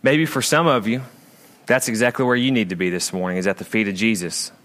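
A male pastor preaching a sermon in a church, swinging between raised emphatic lines and low, quiet asides. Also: steady tone, fairly quick.

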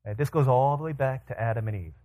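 A man's voice: mid-range voice, fast. A man in his thirties preaching a sermon, telling stories and acting out the quotes. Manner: animated storytelling with quoted voices. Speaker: pastor.

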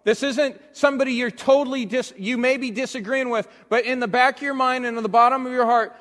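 A male pastor giving a conversational sermon, moving between hushed talk and loud emphasis. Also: very high voice, fairly even intonation, brisk, big-room sound.

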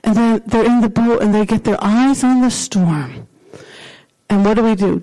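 A woman's voice: mid-range voice, moderate pace, mellow, poor audio. A woman pastor preaching a sermon in an emphatic, repetitive way, circling back to the same phrases.

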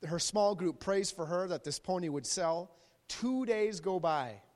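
A man, a youth pastor, preaching a sermon and telling stories lively, acting out the people in them. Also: high-pitched, unhurried. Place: church sanctuary. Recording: long reverb of a large hall.

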